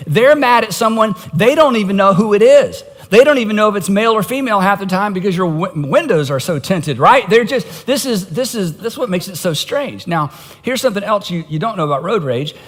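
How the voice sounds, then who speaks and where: A middle-aged male pastor preaching a sermon in a conversational, self-mocking way, with wry asides. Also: high voice. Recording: long hall reverb.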